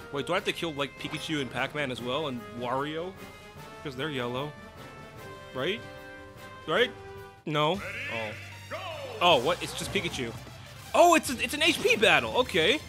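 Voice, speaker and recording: A man giving excitable, chatty let's play commentary, breaking into sudden outbursts and restarting his sentences. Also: a little high, unhurried, pauses often. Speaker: gaming YouTuber. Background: game music.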